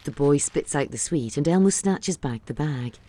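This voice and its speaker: A woman reading scripted audio description of a film, calm and even. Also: low voice, normal speed, a little hiss or hum.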